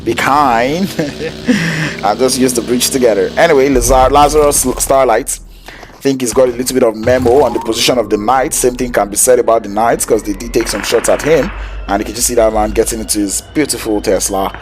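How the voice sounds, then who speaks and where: A man casting a live esports match play-by-play, casual and joking with slang, rising to excited shouts when fights break out. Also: medium pitch, brisk, background noise. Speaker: esports caster.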